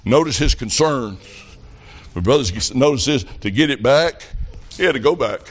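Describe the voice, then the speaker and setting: A man's voice: medium pitch, animated, moderate pace. A middle-aged man preaching a revival sermon, telling folksy stories that rise to fervent calls.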